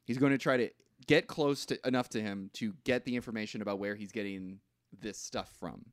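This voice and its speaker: A man co-hosting a podcast, recapping a movie in casual chat, rambling and halting with restarts and swearing. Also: lowish voice, no room sound, studio quality. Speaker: podcast co-host.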